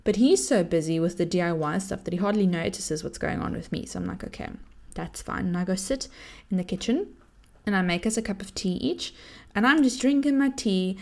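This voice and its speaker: A woman's voice: medium pitch, brisk, creaky. Woman in her 20s, storytime vlog, laughs a lot, super chatty. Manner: chatty and animated, laughs often. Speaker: vlogger. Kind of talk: personal storytelling to camera.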